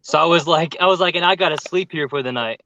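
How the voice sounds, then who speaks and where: A man telling a story with lots of fillers in casual chat on a group call, animated and talkative. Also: fairly high pitch, quick pace, no room sound, dull audio. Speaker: paranormal youtuber telling a story.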